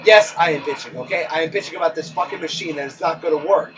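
High-pitched male gamer, pleading and swearing, muffled sound, game music behind. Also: quick pace. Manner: whiny, pleading, swears often. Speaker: game player. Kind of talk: casual gaming chat.

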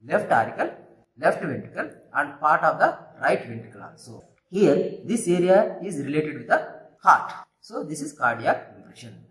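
Male lecturer, animated higher voice, drills terms over and over, echoey room. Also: moderate pace. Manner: repetitive teacherly, checks with "Right?" and "Clear?". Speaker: anatomy lecturer. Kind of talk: classroom anatomy demonstration.

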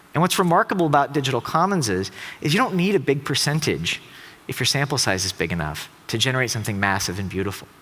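A middle-aged man from Tennessee giving an emphatic, rhetorical public talk on stage. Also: long reverb tail. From Tennessee, USA. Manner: emphatic, rhetorical, with lively pitch shifts. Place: large auditorium stage.

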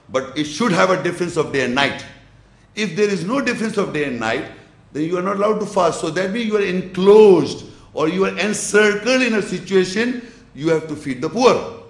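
A man's voice: high voice, vocal fry. Guy teaching a religious class, keeps asking if you follow, roomy echo. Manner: explains slowly with gestures, checks the audience's understanding. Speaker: Islamic lecturer. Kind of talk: religious lecture to an audience.

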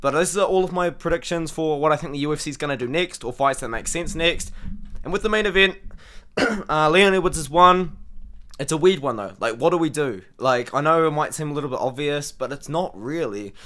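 A hoarse man hosting an MMA analysis channel, giving casual, rambling fight-prediction commentary full of "like". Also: a little high, fairly quick, a bit bright. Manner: chatty, rambling, lots of "like". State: hoarse from screaming.

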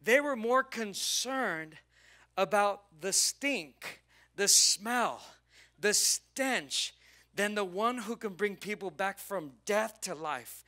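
A man preaching a sermon as pastor, telling the story with drama and acting out its people, swinging between loud emphasis and hushed lines. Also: sits high, animated, takes it slowly.

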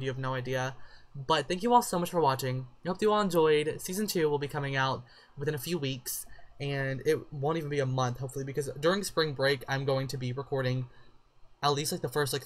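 A man's voice: a little high, fairly bright tone. A young man talking casually to his viewers as a let's play creator, rambling with many fillers and getting emotional. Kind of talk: casual outro chat to viewers.

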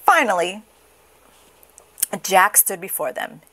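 A woman reading a children's picture book aloud in a slow, expressive sing-song. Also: mid-range voice. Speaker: storybook reader.

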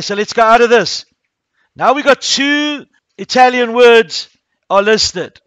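Teacher, man, very high voice, dry close sound, walks the class through each step. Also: fairly bright tone, no room sound. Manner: talks through each click step by step, addressing pupils. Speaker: primary school coding teacher. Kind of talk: classroom coding tutorial. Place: school classroom.

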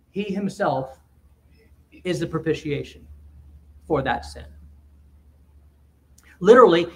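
High-voiced emphatic male preacher. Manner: emphatic, swings between loud and quiet, quick asides. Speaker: pastor. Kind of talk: sermon. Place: church.

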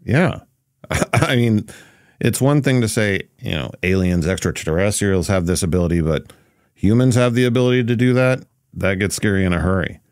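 A man hosting a podcast, answering his guest in a calm, measured way. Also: fairly low pitch, dry recording, clean studio sound. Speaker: podcast host. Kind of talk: casual interview chat.

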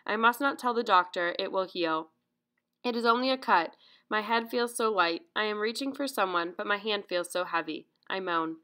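A woman reading memoir narration aloud in a measured, earnest way. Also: medium pitch, pushed and bright. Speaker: audiobook narrator.

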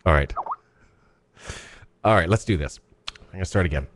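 A man hosting a casual chat, quick and playful, often restarting his sentences. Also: deep voice, noisy background. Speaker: show host.

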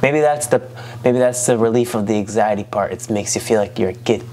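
Excitable man hosting a comedy review vlog. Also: fairly low pitch, fairly quick. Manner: excitable, exclaims often. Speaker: host. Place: living room at home.

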